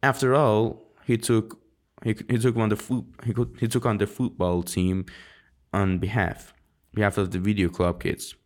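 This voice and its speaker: A man reading a novel aloud in an amateur audiobook, halting with frequent slips and restarts. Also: lowish voice, little pitch movement. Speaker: audiobook reader.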